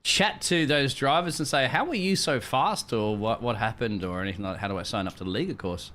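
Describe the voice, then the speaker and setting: A man's voice: mid-range voice, lively intonation, fairly quick, pushed and bright, a little hiss or hum. A man co-commentating a sim racing broadcast, chatting and joking with his partner between the action.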